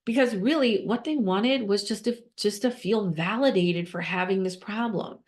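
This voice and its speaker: A woman giving conversational podcast advice as a nonprofit fundraising consultant, emphatic and repetitive, with quick restarts and rhetorical questions. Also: mid-range voice.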